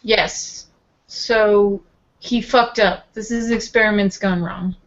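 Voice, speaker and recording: A woman's voice: mid-range voice, fairly even intonation, slow. A woman guest on a podcast, chiming in with blunt comments and questions in casual movie chat. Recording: dull lo-fi podcast audio.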